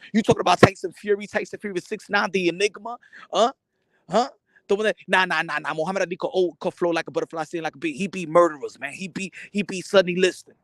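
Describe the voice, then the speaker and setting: A man with a high voice rants in comic disbelief, swearing and repeating his points over and over. The sound is dry and close, with no room around it. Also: creaky, a bit bright, dry recording. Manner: incredulous, profane, repeats himself for effect. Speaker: boxing content creator. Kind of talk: comic rant to camera.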